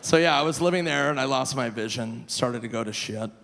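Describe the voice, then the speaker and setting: A man in his forties performing a live stand-up comedy set, animated and loose, breaking into squealing high voices for punchlines. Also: brisk, creaky. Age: 40s. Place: large theater stage. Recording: live venue with long reverb, faint noise.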